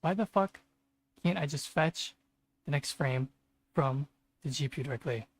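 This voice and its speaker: A man with a husky voice talking to his stream as he codes, venting in frustrated, profane rants. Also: medium pitch, normal speed. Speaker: streamer programmer. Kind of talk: live coding stream commentary.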